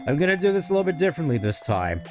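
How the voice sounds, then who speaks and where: Joking male game streamer, lively voice. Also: on the high side, very fast. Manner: joking, laughs at his own asides. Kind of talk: casual game commentary.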